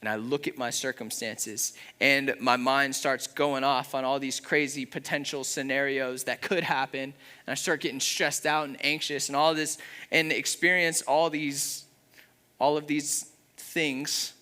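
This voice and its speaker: Young man, pastor, sermon, earnest conversational delivery, bright voice. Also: medium pitch, steady tone, a little slow, clear, resonant tone.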